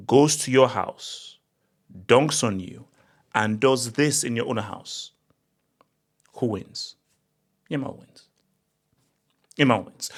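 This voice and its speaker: A man hosting his own football channel, talking casually in an animated, excitable way with frequent restarts and sudden rising outbursts. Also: on the high side. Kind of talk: casual opinion monologue.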